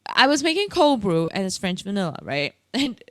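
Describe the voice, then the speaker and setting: Woman, live stream co-host, casual chat, excitable, giggly, very lively pitch, dry close sound. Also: normal speed, dry recording. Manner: excitable, giggly, animated storyteller.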